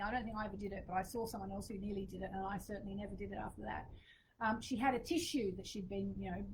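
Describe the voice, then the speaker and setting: A woman leading a spiritual moon ceremony, talking in a casual, meandering, chatty way with fillers, recorded outdoors in a small courtyard. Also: mid-range voice. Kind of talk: casual spoken teaching. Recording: outdoor ambience noise behind voice.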